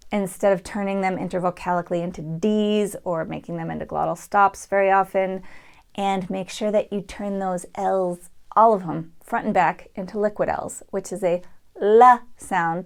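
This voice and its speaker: Woman teaching sounds. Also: medium pitch. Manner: demonstrates sounds, switching in and out of an Irish accent. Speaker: accent coach. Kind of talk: dialect tutorial.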